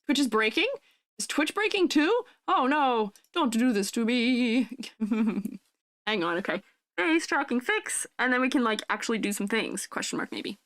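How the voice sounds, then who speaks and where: A woman's voice: expressive, measured pace, fairly bright tone, no room sound. Young woman vtuber, sounds way younger than she is, bubbly and giggly, dry close mic. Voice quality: youthful-sounding high voice. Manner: bubbly, giggly, chats with viewers. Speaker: VTuber streamer. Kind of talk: casual live-stream chat.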